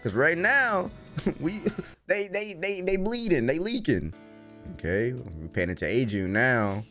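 An animated young man giving excited reaction commentary, his pitch bouncing all over as he goes from muttering to whooping. He talks casually to the screen in slang, with faint show music playing under him. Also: unhurried. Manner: animated, swings from low grumbling to loud cheering. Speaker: anime reaction host.

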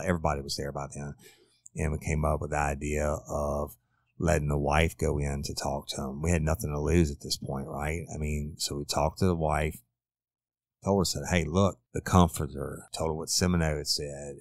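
A man's voice: extremely low pitch, vocal fry, no room sound. A middle-aged man, a former detective, bluntly retelling a crime case in a casual, profane way. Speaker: former detective, podcast host. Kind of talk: true crime storytelling.

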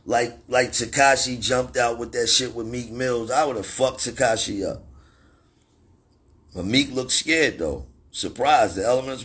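A middle-aged man, a rapper, ranting angrily and profanely on a phone livestream and breaking into sudden high-pitched shouts. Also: a little slow, husky. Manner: angry, profane, threatening tirade that jumps into sudden high shouts.

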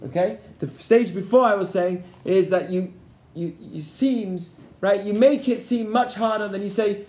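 High-voiced rabbi teaching a class. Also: male voice, moderate pace, darkish tone. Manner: keeps checking in with the class. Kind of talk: interactive Torah lesson. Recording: echoey room.

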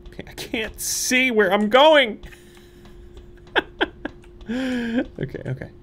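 This young let's play streamer has an extremely high, somewhat bright voice and takes things slowly while playing a horror game on his channel. Recorded on a studio microphone, he mutters nervously to himself and breaks out in squeals and laughs.

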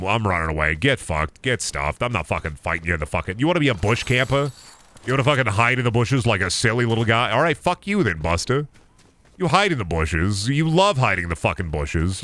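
A man's voice: fairly low pitch, a bit bright. A man streaming a video game live, rambling and mocking his chat and opponents, with lots of swearing. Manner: rambling, self-interrupting. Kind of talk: live gaming commentary.

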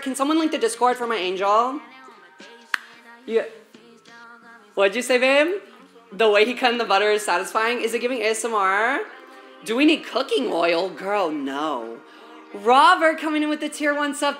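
A woman cooks in her home kitchen during a live stream, talking at a moderate pace in a slightly high, somewhat bright voice over faint music. Her chat with viewers is casual and sassy, heavy on swearing, and she calls them baby and girl.

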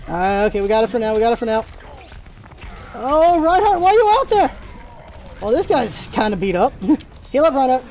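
A gaming channel host giving live gameplay commentary, excitable and firing off rapid callouts to teammates. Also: mid-range voice, a little hiss or hum.

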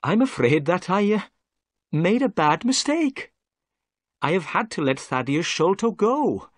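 A man's voice: high-pitched, very animated, measured pace, no echo, studio quality, pitched above the performer's own voice, heavily acted. A man voicing a humbled middle-aged police inspector in a read-aloud story, polite and apologetic.

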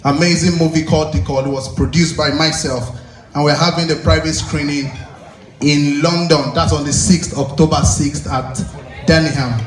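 Nigerian man, high voice, loud stage banter, roomy far-off live recording, crowd noise. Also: moderate pace. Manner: excitable, laughing, calls out to the audience. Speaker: guest performer on stage. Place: live comedy venue indoors. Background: audience and music.

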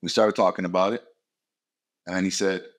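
This man's voice is low and steady, at a normal speed. He hosts a motivational podcast, emphatic and profane, hammering each point with brief repeated phrases.

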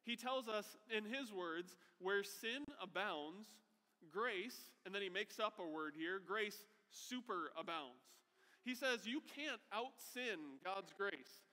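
A man's voice: sits high, sharp tone, big-room sound. A man preaching a sermon as pastor, conversational, often checking in with a rhetorical "right?".

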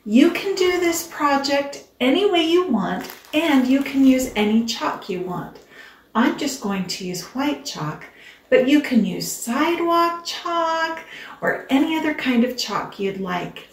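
An older woman hosting a children's show, teaching gently and patiently, explaining step by step. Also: sits high, lively intonation, unhurried, reverberant, far from the mic.

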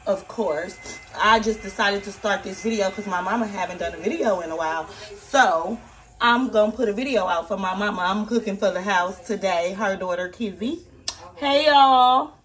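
A woman's voice: medium pitch, normal speed, a bit bright. A woman filming a casual cooking vlog in her home kitchen on a handheld phone. She chats straight to viewers and swears freely. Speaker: cooking vlogger filling in for her mother.

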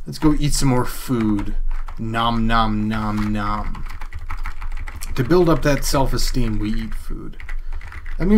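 A man's voice: medium pitch, slight background noise. A man giving casual, rambling commentary while playing and reviewing a game, muttering to himself with mild exclamations. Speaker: gameplay reviewer. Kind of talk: casual let's-play commentary.

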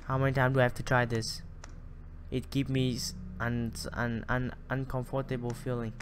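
A man's voice: mid-range voice, flat delivery, moderate pace, slight background noise. A man commenting on a game as he plays, jumpy and swearing a lot. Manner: jumpy, swears a lot, reads dialogue aloud in voices. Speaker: gamer. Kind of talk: let's play commentary.

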